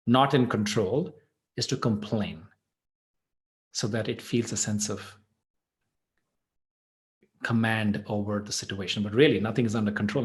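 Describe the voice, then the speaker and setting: A man leading a meditation gathering, telling a parable and reflecting on gratitude in a gentle, thoughtful way. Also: medium pitch. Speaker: meditation teacher. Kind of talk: storytelling and reflective talk.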